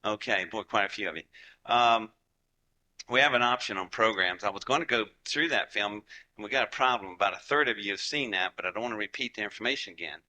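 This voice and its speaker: A man's voice: on the low side, brisk, bright, forceful tone. A man with a Southern US accent giving a folksy storytelling talk to a live audience, chatty and joking with the crowd. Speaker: speaker addressing a live audience.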